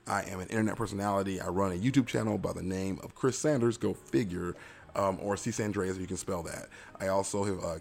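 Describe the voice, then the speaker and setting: Young male podcast host with a lowish, gravelly voice. Rambling, self-deprecating and playful. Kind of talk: casual solo podcast chat.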